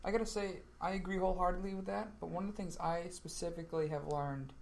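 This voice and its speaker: A man's voice: sits high, fairly even intonation, quick pace, vocal fry, darkish tone. A young man hosting a casual podcast, telling stories in a chatty way and laughing between lines. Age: young adult. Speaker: podcast host.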